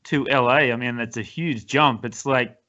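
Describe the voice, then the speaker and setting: A man's voice: mid-range voice, moderate pace, pushed and bright. A man with an Australian accent hosting a podcast, asking hesitant, casual questions with "um" and "sort of". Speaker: podcast host. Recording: slightly muffled lo-fi audio.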